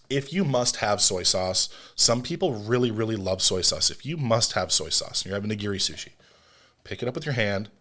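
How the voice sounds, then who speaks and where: A man with a lowish voice hosts a solo podcast and talks straight to the listener. His delivery is emphatic, and he slips in firm, scolding asides as he lays out his points. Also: fairly bright tone. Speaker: podcast host.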